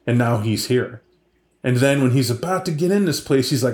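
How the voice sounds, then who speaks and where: A man's voice: medium pitch, lively intonation, normal speed, a little mellow. A man hosting a podcast, casually and animatedly retelling a tabletop game session he ran, with many asides. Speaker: podcast host and game master. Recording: echoey room.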